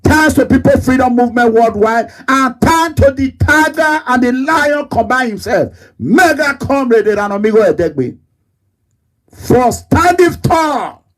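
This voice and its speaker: A man's voice: very high voice, rough recording. A man with a Nigerian accent delivering a fiery, repetitive political rant as an online commentator.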